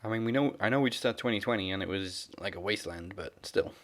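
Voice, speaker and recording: Laid-back low-voiced man. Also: fast, a bit bright. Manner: laid-back, laughs often. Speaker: wrestling podcast co-host. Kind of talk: casual chat.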